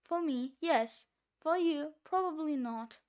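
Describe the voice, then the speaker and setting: A woman voicing a gloomy male pet mouse in a storybook read-aloud, speaking deadpan and quieter than her narration. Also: high-pitched, slow.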